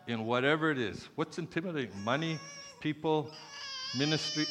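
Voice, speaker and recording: A man's voice: medium pitch, moderate pace, background noise. An older man preaching a sermon in an earnest, conversational way, with chatty asides. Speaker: pastor. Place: church hall. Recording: long reverb of a large hall.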